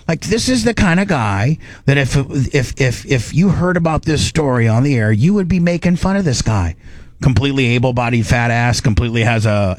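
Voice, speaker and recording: A man's voice: mid-range voice, no echo. A middle-aged man hosting a radio show, telling a story in casual chat and acting out his own inner voice. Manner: animated, acts out his inner voice.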